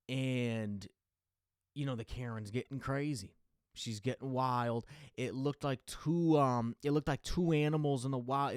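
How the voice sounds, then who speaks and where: A man's voice: mid-range voice, clear, resonant tone, dry recording, clean studio sound. Laid-back man telling a funny story. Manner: laid-back, rambling, animated when recounting. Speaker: comedy podcast host. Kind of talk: casual comedic storytelling monologue.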